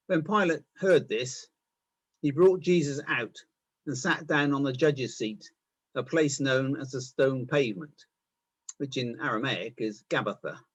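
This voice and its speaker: A man reading a Bible passage aloud in an expressive, animated way. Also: mid-range voice, unhurried, husky. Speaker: scripture reader.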